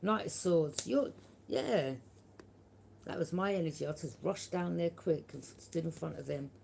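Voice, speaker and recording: A woman's voice: on the low side, moderate pace, creaky, a little mellow, a little hiss or hum. A woman giving a collective tarot reading, talking bluntly and forthrightly, swearing freely and often checking with "yeah?". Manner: frequent tag question "yeah?". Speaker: tarot reader.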